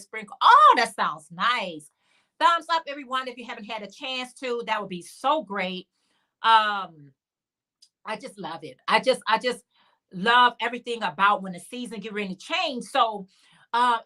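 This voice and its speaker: A woman's voice: on the high side, bright, forceful tone. A woman hosting a casual crochet livestream, chatting and answering viewer comments. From Chicago area. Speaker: livestream host.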